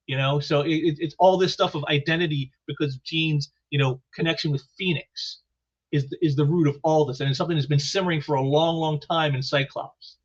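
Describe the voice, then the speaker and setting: A man's voice: on the high side, steady tone, a little fast. A man reviewing comic books in casual solo commentary, rambling and restarting with lots of "you know" fillers. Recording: muffled lo-fi recording.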